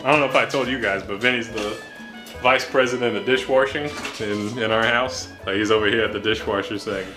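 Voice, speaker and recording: A man hosting a casual cooking vlog in his home kitchen, with goofy, deadpan wordplay. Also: lowish voice, fairly quick. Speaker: cooking show host. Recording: music playing underneath.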